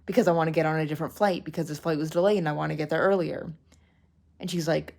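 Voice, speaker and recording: Young woman, casual vlog storytelling, exasperated and chatty, lowish pitch. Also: fast talker, vocal fry. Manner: animated, exasperated, lots of "like". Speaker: artist vlogger.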